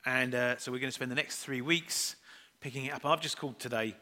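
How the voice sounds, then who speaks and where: A man's voice: mid-range voice, steady tone, a little fast, sharp tone. A middle-aged man preaching a sermon, telling chatty, self-deprecating family stories and acting out the voices in them.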